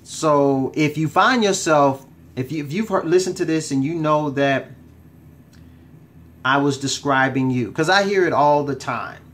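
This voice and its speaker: A man talking as a relationship coach straight to his viewers, emphatic and casual, repeating words for stress and using relaxed slang. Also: a little high, measured pace. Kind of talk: direct-to-camera advice talk.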